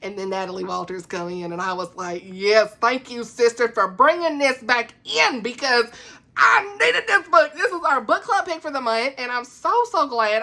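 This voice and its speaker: A woman talks through a book review in a lively, laugh-filled rant. Her voice sits a touch high and rings bright and forceful. She throws in dramatic little asides as she goes. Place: home.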